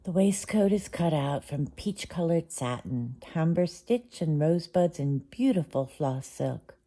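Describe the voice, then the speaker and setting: A woman's voice: low-pitched, mellow, full character voice. A woman voicing a poor old male tailor who mumbles and frets anxiously. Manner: mumbling, lamenting.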